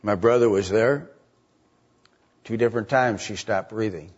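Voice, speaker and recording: An older man preaching a sermon, building to high, emphatic passages on scripture. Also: a little slow, a little mellow, breathy edge, highs cut off.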